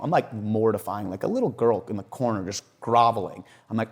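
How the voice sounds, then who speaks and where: A man's voice: mid-range voice, fairly quick, hardly any pauses. A young man, a podcast guest, telling his story casually and with lots of profanity, laughing often and acting out what others said. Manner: animated, profane, laughs often, acts out quotes.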